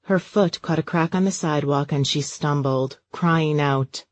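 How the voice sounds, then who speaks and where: A woman narrating a romance audiobook in a steady, measured storytelling manner. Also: sits low. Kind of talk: scripted narration.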